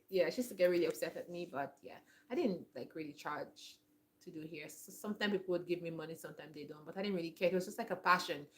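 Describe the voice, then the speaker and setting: A woman in her forties speaks in a low-pitched voice during a casual, reflective vlog. She rambles a little, often stops to restart her sentences and fills the gaps with loose, everyday words. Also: quick pace. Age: 40s. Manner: rambling, with many restarts and "like" fillers. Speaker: homestead vlogger.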